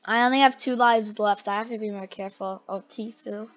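A young person giggling and gasping while reacting to game clips in a try-not-to-laugh challenge. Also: female voice, medium pitch, fairly even intonation, normal speed, highs cut off. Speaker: video reactor.

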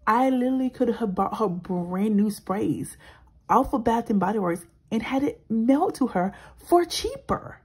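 A woman in her thirties chatting casually as a budgeting vlogger. She talks softly, slips into whispers while counting cash and rambles when she vents. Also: on the high side, lively intonation, moderate pace, slightly rough, rough recording. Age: 30s. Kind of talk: casual vlog chat.

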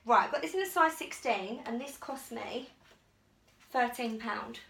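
A fashion vlogger at home chats casually while trying on clothes, rambling along with plenty of enthusiasm in a try-on haul. Her voice is on the high side, unhurried and gravelly, with heavy background noise. The room is echoey and the mic sits at a distance.

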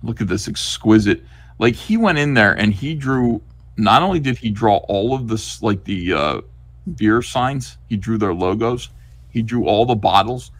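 On a laid-back livestream reviewing comics, a man with a fairly low voice takes his time. He chats animatedly and performs the panel dialogue in character voices.

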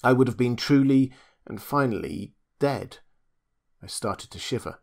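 Male audiobook narrator, measured and reflective, mid-pitched. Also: gravelly. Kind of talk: first-person audiobook narration.

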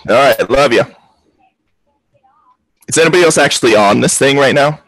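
Male podcast host, husky and gravelly, rambling casual football chat on a video call. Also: mid-range voice, normal speed, a bit bright, no echo, rough recording.

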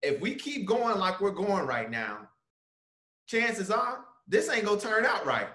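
Man, webinar host, casual, animated, slightly high voice, roomy call sound. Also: measured pace. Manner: animated, rises in pitch as he builds a point. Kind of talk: casual discussion. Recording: roomy video call audio.

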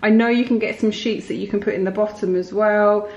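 A woman's voice: mid-range voice, fairly even intonation, fairly quick, highs cut off, crowd noise. A woman chatting casually in her home kitchen, filming a homely, rambling vlog. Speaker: vlogger. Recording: echoey kitchen, clear background noise.

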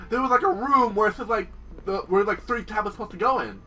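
A man giving casual, excitable commentary over his gameplay, shouting and squealing when something surprises or disgusts him. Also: sits high, brisk, far from the mic, music in the background. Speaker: gaming video host. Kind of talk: casual let's-play commentary.

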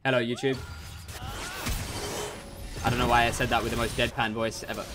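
A young man giving casual, profanity-laced commentary on his own ranked game. He switches between chatting and play-by-play and breaks into excited outbursts. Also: racing, music in the background. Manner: swears freely, jumps between chat and play-by-play; bursts into excited high outbursts. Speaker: gamer streaming ranked play.

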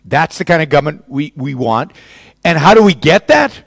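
A man's voice: on the high side, animated, normal speed, gravelly, no room sound. A man giving a public lecture and answering questions, arguing emphatically with rhetorical questions. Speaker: guest lecturer.

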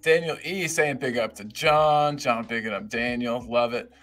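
A man's voice: medium pitch, normal speed, fairly bright tone, faint music behind. A man co-hosting a live podcast stream, upbeat and reading out viewer comments and greeting people by name. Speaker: podcast co-host.

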